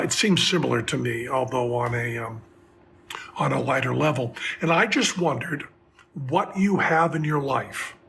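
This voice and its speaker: Guest questioner, man, gravelly tone, mid-pitched, musing delivery. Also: fairly bright tone. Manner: musing, conversational. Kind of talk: recorded question to hosts.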